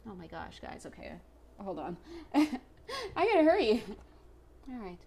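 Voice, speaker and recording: A woman's voice: on the low side, very animated, normal speed, gravelly, darkish tone. A woman giving a casual tarot reading to her viewers, chatty and emotional, often checking in with "right?". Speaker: tarot reader.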